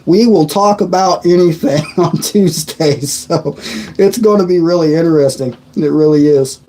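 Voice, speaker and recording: A man chats loosely through a live stream, laughing easily and tripping over his words now and then. His voice sits a little high and sounds mellow. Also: moderate pace, rough recording. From Indiana, USA. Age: 30s. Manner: chatty and joking, laughs often, stumbles and restarts. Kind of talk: casual live-stream chat reading comments.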